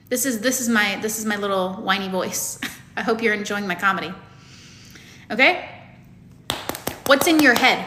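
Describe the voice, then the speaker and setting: A woman's voice: on the high side, a bit bright, reverberant. A woman coach giving a lecture to her students, blunt and emphatic, with plenty of swearing. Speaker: manifestation coach.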